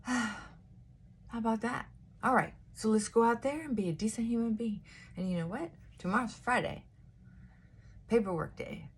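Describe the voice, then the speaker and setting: A woman's voice: medium pitch, slight background noise. A woman vlogging a casual morning chat, sassy and chatty, short on sleep and punchy, giving herself a pep talk.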